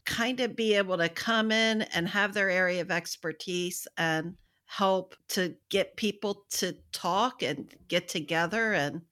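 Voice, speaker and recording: A woman's voice: on the low side, measured pace, a bit bright. A woman from the United States co-hosting a book podcast, speaking in an effusive, gushing way and laughing often. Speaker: podcast co-host. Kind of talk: casual book-club podcast chat.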